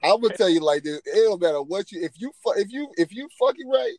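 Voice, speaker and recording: A man's voice: sits high, sing-song, fast talker, a little mellow, slight background noise. A man co-hosting a casual show, talking with profane emphasis, laughing and repeating himself. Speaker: podcast co-host.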